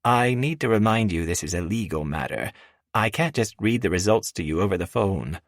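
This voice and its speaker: A man's voice: lowish voice, expressive, no room sound, studio quality, pitched above the performer's own voice. A man voicing a firm, professional female assistant on the phone in an audiobook. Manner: brisk, businesslike.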